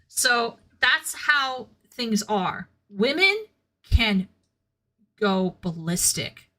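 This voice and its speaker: A woman's voice: mid-range voice, takes it slowly, fairly bright tone. A woman streaming and chatting casually with her viewers, blunt and candid, often laughing at her own remarks. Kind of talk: casual chat with a live chat.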